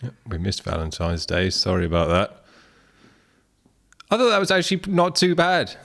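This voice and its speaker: A man's voice: low voice, sing-song, moderate pace, vocal fry, fairly bright tone. A man hosting a music review show, giving casual spoken commentary in a rambling, easygoing and frank way.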